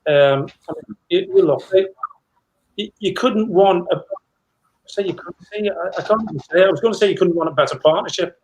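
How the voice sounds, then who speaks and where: A man's voice: high-pitched, brisk, darkish tone, slightly rough, dull audio. A middle-aged man, a former footballer, telling anecdotes in a rambling casual chat with many restarts.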